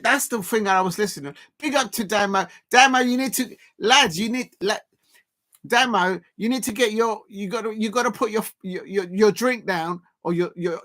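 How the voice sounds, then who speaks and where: A man's voice: sits high, fairly bright tone. A man hosting a live football watchalong, chatting casually, reading out viewer comments, and rambling with lots of fillers and restarts. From South London, England.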